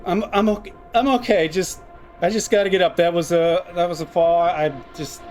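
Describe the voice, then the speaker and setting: A man's voice: sits high, fairly even intonation, moderate pace, a little mellow, soft background music, voice pushed up, close to an everyday voice. A man voicing a nervous, panicked woman crew member who stammers and brushes off concern. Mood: shaken. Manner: shaky, stammering, defensive.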